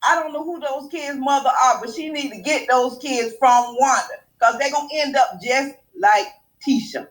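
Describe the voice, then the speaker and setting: A woman on a call-in segment speaks in a high voice, earnest and emphatic as she presses her complaint. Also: normal speed, rough recording. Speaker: caller on a live stream. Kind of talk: casual call-in commentary.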